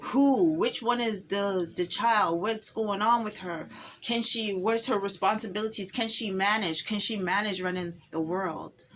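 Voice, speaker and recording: A woman's voice: medium pitch, fairly even intonation, measured pace, fairly bright tone, slight background noise. Woman delivering an impassioned, repetitive rant. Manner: emphatic and repetitive, with rhetorical questions. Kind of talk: impassioned personal monologue.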